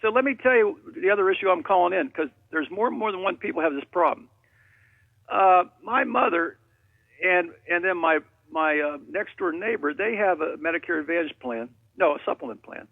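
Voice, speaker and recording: A man's voice: high voice, animated, moderate pace, vocal fry, dry recording. A man calling in to a radio show, telling rambling, jokey stories over a phone line. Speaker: caller.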